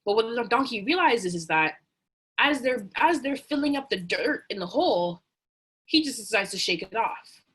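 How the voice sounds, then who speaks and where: A woman telling an earnest motivational story in a casual, animated way. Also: fairly high pitch, normal speed, husky.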